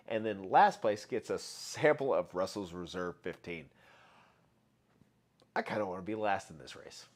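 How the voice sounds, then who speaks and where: A man hosting a casual live stream, chatting with viewers, greeting them by name and running giveaways. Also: lowish voice. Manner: chatty, reads out viewer names and shouts greetings. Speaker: livestream host.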